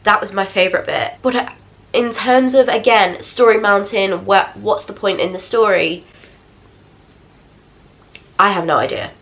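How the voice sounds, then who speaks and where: Woman, twenties, chatty book vlogger, expressive, medium pitch. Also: a little slow, long pauses. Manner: chatty, expressive, self-deprecating asides. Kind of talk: casual book review chat.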